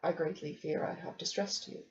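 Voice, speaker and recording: Woman reading a grave gentle male doctor, earnest and measured, a bit low and muffled. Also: fairly even intonation, gravelly. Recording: dull lo-fi recording.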